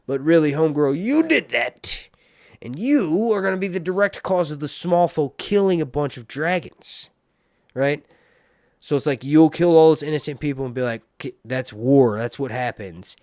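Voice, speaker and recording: A man's voice: a little high, animated, moderate pace, a little mellow, no room sound, clean studio sound. A man hosting a casual live stream, rambling and joking while he reads viewer comments. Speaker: live stream host reviewing a TV series.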